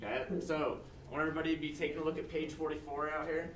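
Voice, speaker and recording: A man teaching a live class, heard from across an echoey classroom with faint noise. He drills new words by call and response and repeats his prompts, peppering his talk with "okay." His voice sits at an ordinary pitch. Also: steady tone, rapid-fire, distant mic.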